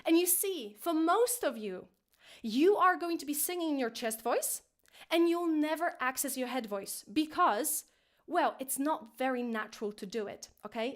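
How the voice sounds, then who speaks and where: A woman teaching an online singing lesson, encouraging and playful, now and then jumping into a high head voice. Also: lively intonation, moderate pace, a bit bright.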